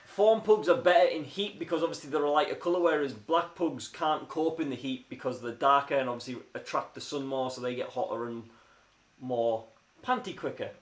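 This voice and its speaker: A man's voice: medium pitch, brisk. A young man from northern England co-hosting a casual live stream, rambling and chatty with lots of fillers. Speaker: podcast co-host. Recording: roomy room sound.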